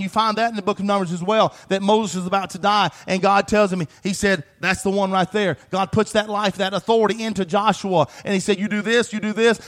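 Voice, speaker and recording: A man with a high, bright-sounding voice preaching a sermon from the pulpit. He reads scripture aloud, asks his listeners questions, and keeps building to shouted refrains that repeat the same words. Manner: preaches with rising, shouted emphasis and repeated phrases.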